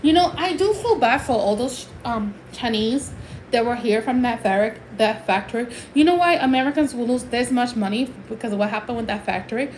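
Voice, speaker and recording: A woman's voice: a little high, animated, a little fast, darkish tone, a little hiss or hum, poor audio. A woman from Puerto Rico ranting emphatically in a casual livestream, switching between English and Spanish.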